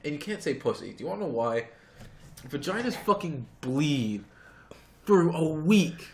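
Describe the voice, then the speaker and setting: A man's voice: mid-range voice, sing-song, moderate pace, a little hiss or hum. A young man co-hosting a podcast in casual chat, blunt and teasing, swearing often. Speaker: podcast co-host.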